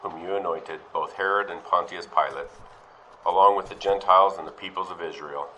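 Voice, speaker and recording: Male preacher, low and forceful, reads verses then asks questions, faint hiss. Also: steady tone, fairly quick, rough recording. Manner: reads scripture aloud, then questions and explains it. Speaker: Bible teacher. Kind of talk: Bible teaching sermon.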